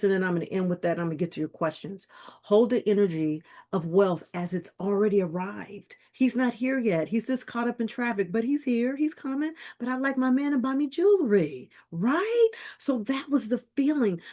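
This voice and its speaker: A woman's voice: mid-range voice, warm tone. A woman leading a motivational group coaching call, talking emphatically with lots of repetition and affirmations. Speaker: business and wealth coach.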